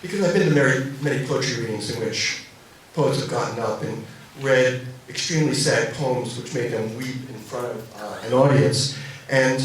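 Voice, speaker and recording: A man reading his own poems aloud at a cafe reading, with halting asides full of ums and restarts between poems. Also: mid-range voice, a little hiss or hum. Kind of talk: poetry reading with spoken introductions. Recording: roomy echo from a distant mic.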